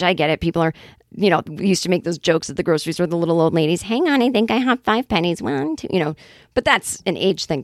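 A woman's voice: medium pitch, no echo, clean studio sound. Wry, chatty woman comic host. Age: 40s. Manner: chatty and wry, with quick acted-out asides. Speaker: podcast host. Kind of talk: casual comedic monologue.

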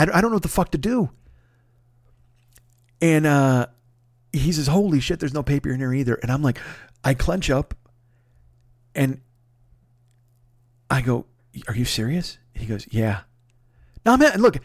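A man telling a comic story casually, profane and animated, dropping low to retell a moment then rising in exasperation. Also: no room sound, clean studio sound. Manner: profane, animated, swings between hushed retelling and loud exasperation. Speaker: comedian storyteller.

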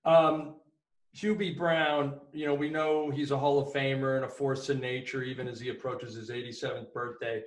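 A man's voice: medium pitch, little pitch movement. A man interviewing a guest in a conversational, joking way. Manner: conversational, quick to react and joke. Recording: echoey room.

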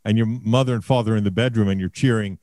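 A man's voice: lowish voice, fairly even intonation, fast talker, dark tone, no room sound. A man hosting a casual interview, asking long, wandering questions in a conversational way. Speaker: host.

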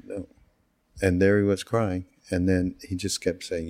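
A man's voice: deep voice, a little slow. An older man from Canada telling stories in casual conversation, acting out the quotes and laughing often. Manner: animated storyteller who acts out quotes, laughs often.

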